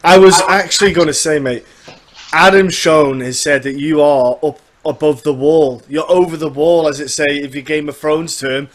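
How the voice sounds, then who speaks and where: Chatty podcast host, higher voice. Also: male voice, steady tone, moderate pace. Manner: chatty, friendly questions. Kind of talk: casual podcast interview. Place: Isle of Man.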